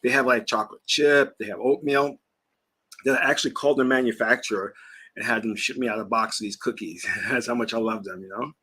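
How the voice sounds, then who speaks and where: A man's voice: medium pitch, fairly even intonation, fairly quick, pushed and bright, slightly rough. A man hosting his own channel as a spiritual teacher, chatting in a rambling, casual way and laughing as he talks, at times while eating. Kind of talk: casual vlog chat.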